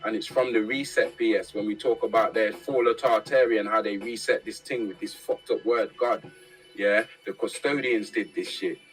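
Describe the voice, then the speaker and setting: A man's voice: fairly low pitch, fairly even intonation, moderate pace, faint music behind, low-quality recording. A man giving a casual, profane monologue full of street slang, tagging his points with "yeah?". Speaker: commentator.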